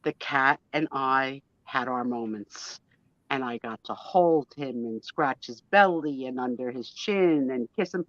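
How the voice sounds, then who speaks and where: A woman's voice: rumbling low, unhurried, no room sound. A woman in her fifties, a guest on a live chat show, telling a story in a gushing, emotional, chatty way with mild swearing. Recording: dull lo-fi, dry sound.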